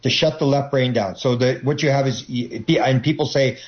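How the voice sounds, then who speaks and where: A man's voice: mid-range voice, normal speed, muffled recording. A man talking casually as an interview guest, rambling with many restarts and acting out the voices he quotes.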